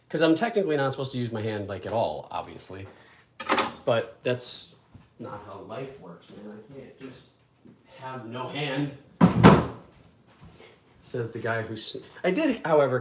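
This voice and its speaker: A young man chatting casually while cooking one-handed at home, rambling and poking fun at himself. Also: mid-range voice. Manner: rambling, self-deprecating, chatty. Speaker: home cook vlogger. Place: home kitchen. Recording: echoey kitchen with loud background noise.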